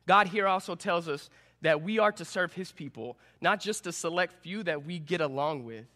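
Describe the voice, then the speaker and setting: Young guy pastor preaching, bright sharp voice, long church hall echo. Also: a little high, normal speed. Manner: storytelling, animated and self-deprecating. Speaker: student pastor. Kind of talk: sermon. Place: church sanctuary.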